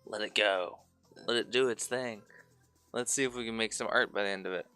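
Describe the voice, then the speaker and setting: A man chatting casually with viewers on a live stream while he paints miniatures. He is sleepy and slurs his words, talking in a relaxed, rambling way. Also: fairly low pitch, brisk, clear, resonant tone, soft background music.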